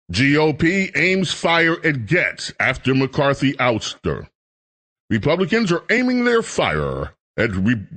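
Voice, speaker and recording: Animated, heated male talk radio host. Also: medium pitch. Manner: heated, sarcastic, mocks others in put-on voices. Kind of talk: political talk radio monologue.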